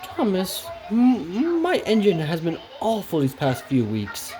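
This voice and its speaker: Casting: woman as a distressed lady railcar, high and pleading, swooping pitch. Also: wildly swooping pitch, takes it slowly, mellow, heavily acted, rough recording. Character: upset female railcar, young and fretful.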